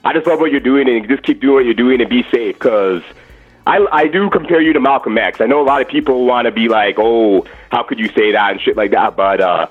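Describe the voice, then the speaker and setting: A man's voice: medium pitch, fairly quick, soft background music. A man from Canada calling in to a show, talking with many restarts and fillers. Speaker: caller. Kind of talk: call-in chat. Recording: dull lo-fi phone line.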